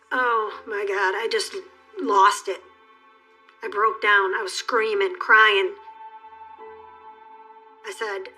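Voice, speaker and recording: A middle-aged woman giving a documentary interview, retelling events in a steady, somber way. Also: medium pitch, rough recording. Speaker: interviewee, mother of the accused.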